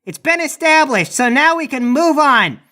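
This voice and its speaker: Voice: high voice, lively intonation, normal speed, sharp tone, voice pushed up. A player doing a rambling bossy prison guard.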